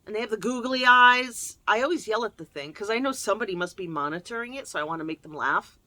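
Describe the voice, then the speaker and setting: Woman, casual monologue, lively pitch, dry close sound. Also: quick pace, dry recording. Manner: animated, jokey, laughs often. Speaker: self-help video host.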